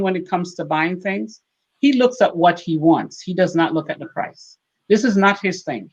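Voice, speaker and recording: Woman marriage panelist, teaching tone, checks in with "okay?", acts out both voices in her stories, muffled call audio. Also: mid-range voice. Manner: lively storytelling, acting out both sides of a conversation. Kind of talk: church panel talk over video call. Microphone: video call.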